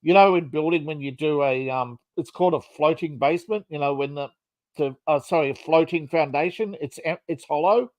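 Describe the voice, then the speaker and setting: A man's voice: on the high side, a little fast, dry recording. Rambling man with many restarts. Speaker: podcast co-host. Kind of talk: casual podcast chat.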